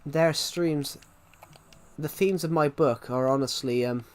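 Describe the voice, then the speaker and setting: A man's voice: on the high side, a little mellow. A young man chatting casually on a live stream while gaming, rambling and restarting his sentences. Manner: rambling, halting, many restarts.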